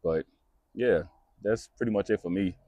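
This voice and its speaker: A man's voice: on the low side, moderate pace, mellow, no echo, highs cut off. A man hosting a casual podcast chat, talking in a rambling way with many restarts. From United States. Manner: rambling, many restarts, laughs at own jokes. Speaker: podcast host.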